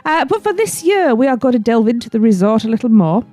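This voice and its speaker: A woman's voice: on the high side, sing-song, quick pace, warm tone, faint music behind. A British woman hosting a podcast in a bubbly, playful chat, laughing often. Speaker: podcast host.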